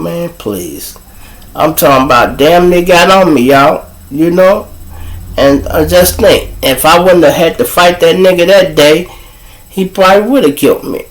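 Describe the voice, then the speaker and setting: A man's voice: mid-range voice, rough recording. A man with a Chicago accent hosting a live show, telling blunt, profane stories straight to his viewers. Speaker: livestream show host. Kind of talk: casual live monologue.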